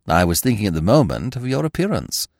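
A man reading aloud plays a suave, pompous young gentleman who talks in languid, elaborate, mock-solemn phrases. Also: fairly low pitch, big pitch swings, quick pace, no echo, studio quality. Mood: gallant.

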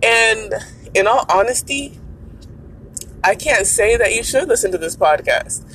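A woman hosting her own podcast in a casual, chatty way, talking straight to listeners as y'all, her voice raspy from early morning, recorded while she drives her car. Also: on the high side, animated, unhurried, a bit bright, low-quality recording. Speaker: podcast host. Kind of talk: casual solo podcast talk. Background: faint road and blinker noise.

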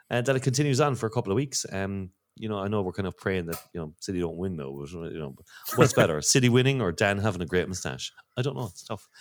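A man hosting a casual podcast chat, lively and quick to laugh. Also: sits low. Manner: lively, laughing, talks over others. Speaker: podcast host.

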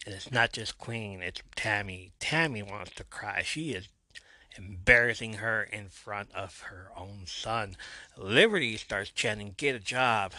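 Hombre de voz grave y muy brillante, grabación seca. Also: male voice, lowish voice, pushed and bright, no echo. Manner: retells scenes in rapid play-by-play, briefly voicing characters. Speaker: podcast host recapping a TV episode. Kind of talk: casual recap narration.

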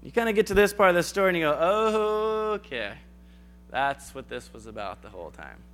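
A man's voice: high-pitched, sing-song, normal speed, fairly bright tone. A man giving a conversational sermon, acting out biblical dialogue in casual asides. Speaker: preacher.

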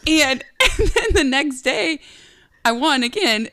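Here a pro gravel cyclist in her thirties recounts race stories as a guest in a casual podcast interview, bubbly and laughing as she acts out people's quotes. Her high voice is very animated and sharp, yet she takes it slowly with long pauses. The sound is clean studio audio with no room sound.

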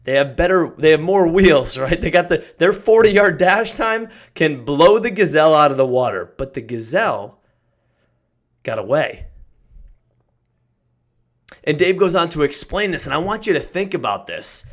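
A male podcast host delivers an emphatic motivational monologue. His voice sits a little high. He pushes hard on key words and climbs into excited shouts. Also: normal speed.

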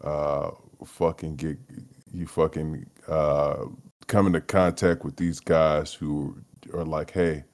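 A man hosting a solo podcast, rambling in a low-energy, profane way, trailing off and laughing as he talks. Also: little pitch movement, takes it slowly, darkish tone. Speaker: podcast host. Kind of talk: solo casual rant.

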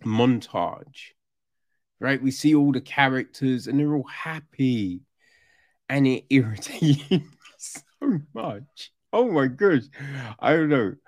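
A man's voice: medium pitch, lively intonation, slow, dry recording, clean studio sound. A man casually reviewing a TV series, rambling with fillers and restarts and growing exasperated as he rants. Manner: grows exasperated and loud when ranting.

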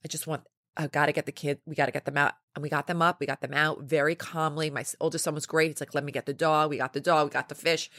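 A woman in her forties, a podcast guest, telling lively stories in casual chat with quick restarts and laughs. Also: low-pitched, no room sound, clean studio sound. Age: 40s. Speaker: podcast guest, company founder.

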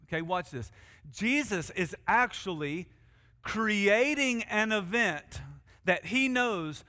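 A male pastor delivers a sermon in a high, bright voice. He speaks earnestly and with emphasis, slowing right down on the words he wants to land. His voice rings out with a long reverb, as if filling a big hall. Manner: earnest, emphatic, slows down to stress key words.

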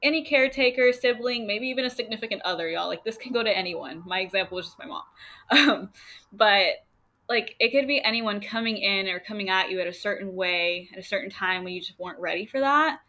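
A woman's voice: mid-range voice, a little fast, sharp tone. A young woman hosting a solo podcast, talking in a chatty, rambling way with lots of fillers and light laughter. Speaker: podcast host. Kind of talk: casual solo podcast talk.

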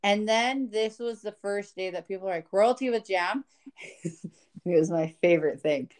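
A woman's voice: mid-range voice, moderate pace. A woman telling a travel story to her mother in casual chat, quoting others and laughing often. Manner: animated, quotes others in acted voices, laughs often. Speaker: co-host, daughter.

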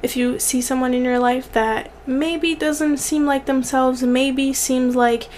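A young woman speaks straight to the camera in an earnest, heartfelt way, her slightly high voice doubling back on words to stress them. Tears creep in now and then. A faint hiss sits under the recording. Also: fairly even intonation, takes it slowly, a little mellow. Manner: earnest, repeats words for emphasis. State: tearful at times. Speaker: vlogger. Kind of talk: heartfelt direct-to-camera encouragement.

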